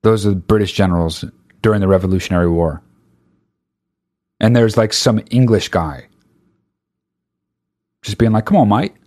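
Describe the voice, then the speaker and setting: A comedian doing a stand-up rant, talking in an exasperated, profane and rhetorical way. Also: male voice, sits low, normal speed, long pauses, darkish tone.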